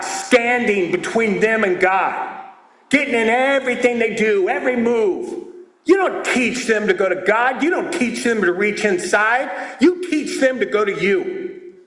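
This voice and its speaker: An older man giving a comedic talk at a recovery meeting, animated and storytelling, breaking into shouts when acting out scenes. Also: high voice. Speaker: AA meeting speaker. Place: meeting room with audience. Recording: roomy echoing meeting hall.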